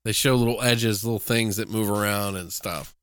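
A man's voice: fairly low pitch, steady tone, moderate pace, fairly bright tone, clean tone. A man co-hosting a podcast, casually and profanely recapping movie plots and reading out trivia. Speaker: podcast co-host reviewing movies. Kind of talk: casual chat.

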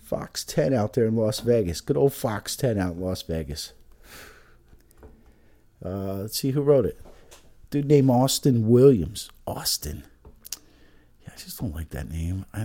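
A profane man hosts a comedic news read, his voice mellow and dark. His pitch swings widely between sarcastic asides, and he keeps mumbling half to himself between lines. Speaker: host reading news stories. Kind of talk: casual comedic news commentary.

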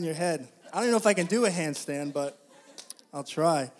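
High-voiced man preaching a lively sermon. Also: moderate pace. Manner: energetic, builds to loud emphatic preaching; conversational, addresses the congregation directly. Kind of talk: sermon with storytelling.

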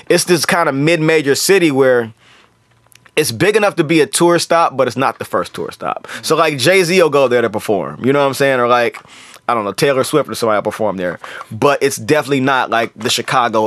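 A rapper with a Cincinnati accent, chatting loosely as a guest and leaning on lots of filler "likes.". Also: male voice, mid-range voice, a bit bright, dry recording. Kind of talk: casual chat.

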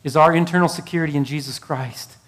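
A middle-aged man preaches from the pulpit, his voice sitting high for a man. He presses his points with emphasis and slips into storytelling asides. The sound hangs in a large hall with a long reverb tail. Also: steady tone, quick pace. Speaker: pastor. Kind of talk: sermon.

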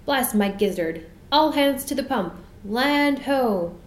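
Older male admiral, blustering, shouting sea orders in a high, loud voice, played by a woman narrator; echoey room. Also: lively intonation, slow pace. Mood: raging. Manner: shouting, sputtering with rage.

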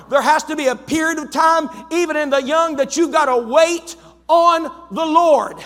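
A male pastor with an Ohio accent preaching a fervent sermon in a church, rising to shouts. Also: extremely high pitch. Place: church sanctuary. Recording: long church reverb.

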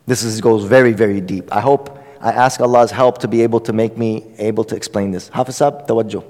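A man's voice: fairly low pitch, steady tone, brisk, a little mellow. Man lecturing in a reverberant hall. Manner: conversational, emphatic, repeats words and asks the audience questions. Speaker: imam teaching a religious text. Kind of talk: sermon-style lecture.

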